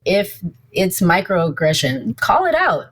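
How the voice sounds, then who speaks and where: A woman's voice: on the low side, big pitch swings, slow, fairly bright tone, breathy edge. A woman therapist speaking in casual interview chat. She is direct and assertive and uses down-to-earth slang.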